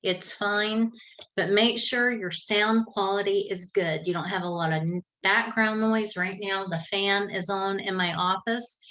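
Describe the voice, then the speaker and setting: This middle-aged Southern woman from South Georgia offers folksy, chatty podcasting tips, correcting herself now and then. Her medium-pitched, fairly bright voice stays fairly even and unhurried. She records in a home office with a fan going, and the recording is rough.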